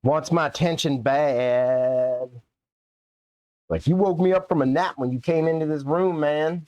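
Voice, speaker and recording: A man's voice: fairly high pitch, a little slow, a little mellow, no echo. A man streaming a racing game live, chatting playfully with his viewers and his cats. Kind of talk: casual live-stream chat while gaming.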